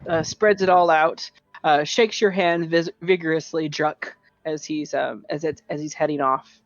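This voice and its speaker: A woman's voice: low-pitched, fairly even intonation, normal speed, no room sound, soft background music. A woman narrating as game master of a tabletop game, casual and rambling with many fillers. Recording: dull dry lo-fi audio.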